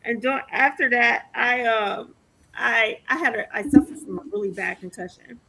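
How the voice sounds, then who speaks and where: A woman in her forties hosting a podcast, telling stories in an animated way and laughing often. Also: fairly high pitch, normal speed, vocal fry, slightly rough. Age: 40s. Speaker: podcast host. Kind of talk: casual interview chat.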